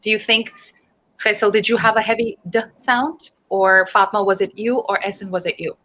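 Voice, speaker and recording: A woman's voice: mid-range voice, little pitch movement, normal speed, fairly bright tone, poor audio. A woman from Dubai teaching an online English speaking class, patiently explaining and quizzing her students. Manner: patient, encouraging, spells out words and asks students questions. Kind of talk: online group speaking lesson.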